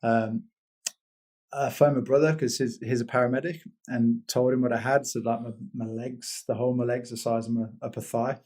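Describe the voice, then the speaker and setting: British man, podcast guest, rambling storytelling, laughing, average pitch. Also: steady tone, fairly quick, a little mellow. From Britain. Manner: rambling, laughing, many restarts. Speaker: guest, paraglider. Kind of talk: casual storytelling interview.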